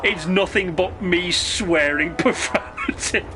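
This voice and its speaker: A man's voice: high voice, slow pace, background noise. A man streaming a game, ranting in a sarcastic, sweary, rambling way. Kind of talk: casual rant while gaming.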